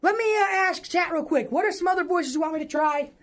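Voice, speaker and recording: A woman's voice: extremely high pitch, fast talker. A woman streaming casually while pedaling an exercise bike, joking and swearing with chat.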